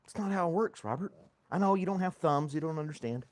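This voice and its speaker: A podcast host chats casually on a live stream about coffee from his home studio, where foam lines the walls. His voice sits a little high, with lively intonation, and he talks fast, laughing often as he reads the chat and speaks to his dog.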